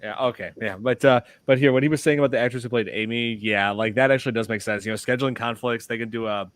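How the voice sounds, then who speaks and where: A man's voice: medium pitch, fast talker, no echo. Rambling man in casual film chat. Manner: rambling, many restarts and fillers. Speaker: podcast co-host.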